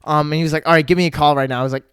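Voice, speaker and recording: A teenage comedian co-hosting a podcast, bantering casually with quick jokes and frequent laughs. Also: male voice, a little high, steady tone, fairly bright tone, clean tone, dry recording, studio quality. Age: teens. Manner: quick joking interjections, laughs often. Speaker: podcast co-host, stand-up comedian.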